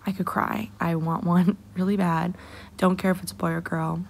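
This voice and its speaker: A young woman in a personal vlog, talking softly and emotionally with many fillers. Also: on the low side, level tone, moderate pace, gravelly. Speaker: vlogger.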